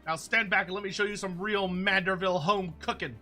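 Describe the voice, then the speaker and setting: A man's voice: high-pitched, steady tone, fairly quick, pushed and bright, faint music behind, pitched above the performer's own voice. A man voicing a brash middle-aged woman, a cook and healer mother who bosses others around. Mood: motherly. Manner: bossy, scolding.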